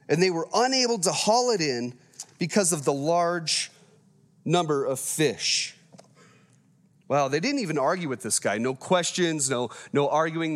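A man in his thirties preaching a sermon in a conversational, playful way, telling the story with animation. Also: a little high. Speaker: pastor.

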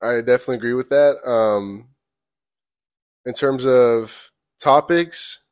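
A man's voice: medium pitch, a little slow. Laid-back young man, lots of ums. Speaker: podcast co-host. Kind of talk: casual chat.

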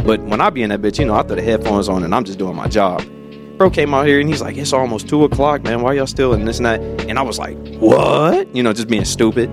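A man's voice: mid-range voice, fast, music in the background. A young man co-hosting a podcast, telling a work story in loose casual chat, swearing freely and laughing often. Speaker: podcast co-host.

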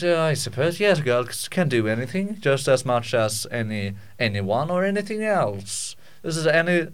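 A man hosting a podcast, ranting casually in a jokey, mock-indignant way, rambling with many restarts and stammered repeats. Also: mid-range voice. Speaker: podcast host. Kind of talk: casual comic rant.

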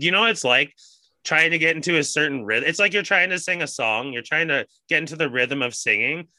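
A man's voice: fairly high pitch, expressive, a little fast, sharp tone, dry recording. A man hosting a podcast in casual chat, telling rambling stories with a lot of swearing. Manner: swears often, ranting storyteller. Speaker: podcast host.

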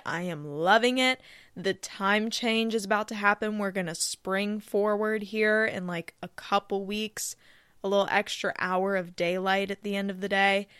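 A woman's voice: medium pitch, fairly bright tone, clear, resonant tone, no echo. Solo podcast host, woman, rambling and self-mocking, mid-range voice, dry close-mic sound. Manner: rambling, chatty, self-deprecating. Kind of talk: casual solo podcast chat. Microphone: close studio microphone.

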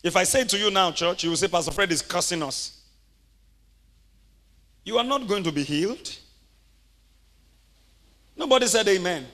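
High, bright-voiced pastor preaching in a hall. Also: male voice, animated, normal speed, pauses often. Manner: laughing, rising to shouted exclamations. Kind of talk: sermon. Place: church.

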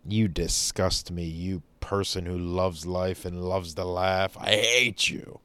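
Man doing a haughty stuffy gentleman, sneering, slow and deliberate, smooth low voice, dry sound. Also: steady tone, no echo. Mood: hateful. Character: pompous, disdainful stuffy serious man.

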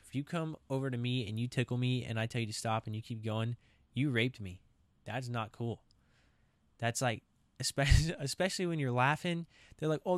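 A man's voice: mid-range voice, dry recording. A young man, talking alone on his own podcast in a casual, rambling, joking way. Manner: rambling, joking, says dude a lot. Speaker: podcast host. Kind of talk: solo casual podcast chat. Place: camper.

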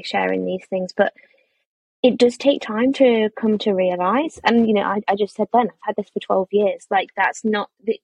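A woman podcast host speaks in an encouraging, reflective way. Her pitch stays flat and her voice has a gravelly fry. The recording is dry and close, with no room sound. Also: dry recording, low-quality recording. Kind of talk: casual conversation.

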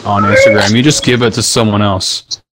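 A man's voice: fairly low pitch, fairly even intonation, brisk, very noisy. A young man co-hosting a casual podcast, rambling through his points and joking crudely. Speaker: podcast co-host. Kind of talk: casual podcast chat over voice chat.

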